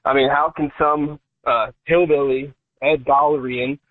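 A male caller from Kentucky lays out his argument in an earnest, steady voice. The line is tinny and phone-like, and the sound is dry with no reverb. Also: mid-range voice, a little slow. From Kentucky, USA. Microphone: phone call.

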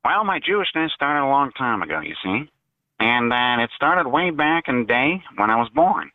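A man's voice: medium pitch, sing-song, moderate pace, dry recording, lightly acted. A man doing a cartoonish boastful caller over the phone. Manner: boastful, drawling, repeats "mister". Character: gruff male prank caller in a cartoonish put-on voice. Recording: tinny phone line.

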